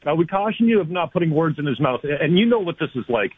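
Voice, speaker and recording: Ranting radio co-host, tinny audio. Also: male voice, on the high side, very animated, fast talker, slightly rough, no room sound. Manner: argumentative, ranting, teasing. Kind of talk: heated radio debate.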